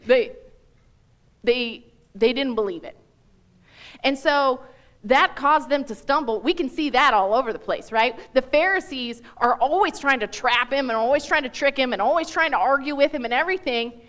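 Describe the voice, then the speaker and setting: A woman whose voice sits high delivers a church Bible teaching as guest speaker at a moderate pace. Her manner is animated and emphatic, conversational, with frequent self-interruptions that cut thoughts short.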